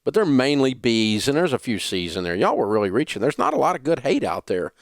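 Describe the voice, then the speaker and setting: A man's voice: medium pitch, wildly swooping pitch, a little fast, no echo. A middle-aged man with a Southern US accent, hosting a radio show in blunt, joking, dismissive banter on a studio microphone. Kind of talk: casual talk radio banter.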